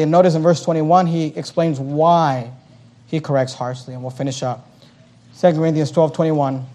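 A middle-aged man, a pastor, giving a fervent and emphatic sermon that swings from loud exhortation to soft prayer. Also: fairly high pitch, brisk.

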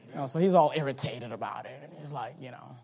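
A man preaching a sermon as pastor in a church, swinging from low, quiet talk to high, loud exhortation, with repeated phrases and stammering restarts. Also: quick pace, gravelly, breathy edge.

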